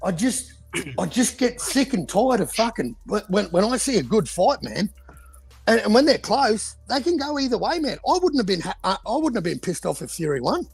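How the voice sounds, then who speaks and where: Gravelly, swearing man ranting. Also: sits high, sing-song, normal speed, soft background music. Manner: profane, heated ranting. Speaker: podcast co-host. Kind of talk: casual boxing chat.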